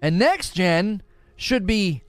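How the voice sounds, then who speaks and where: Animated young streamer, lively pitch. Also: male voice, clean tone, faint music behind. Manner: animated, exasperated, quick retorts. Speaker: gaming streamer. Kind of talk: casual livestream commentary.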